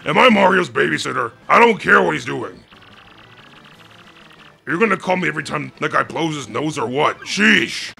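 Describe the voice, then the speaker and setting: A gravelly, gruff villain king, done by a man, bossy and sarcastic, barking out insults. His voice swings up and down a lot, with a bright, forceful edge. Faint game music plays behind him. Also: fairly high pitch, lively intonation, normal speed, heavily acted. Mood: blustering. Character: blustering gruff turtle king villain, male.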